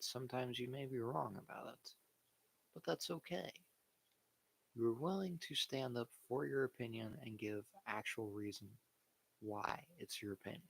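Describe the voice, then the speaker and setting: A man's voice: lowish voice, creaky, fairly bright tone. A man hosting a livestream, giving blunt, opinionated casual chat about wrestling and sports and swearing freely. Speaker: livestream host.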